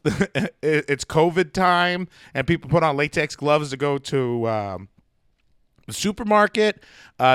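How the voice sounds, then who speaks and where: A man's voice: a little high, fairly bright tone, smooth, no echo, studio quality. A young man telling a personal story in a heated, profane, ranting way. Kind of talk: casual storytelling.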